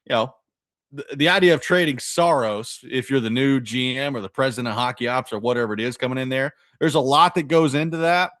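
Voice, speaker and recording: A man co-hosting a sports radio show, working through an argument out loud with restarts and asides. His voice sits at an ordinary middle pitch. The studio sound is close and dry. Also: a little fast, no room sound. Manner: thinking aloud, stacked restarts, argumentative. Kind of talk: casual sports talk.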